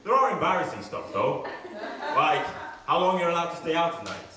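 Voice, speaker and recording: A man's voice: a little high, big pitch swings, fairly quick, a crowd in the background. A man performing a comic personal story live on stage, swearing and acting out scenes. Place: stage before a live audience. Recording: echoey stage from far off.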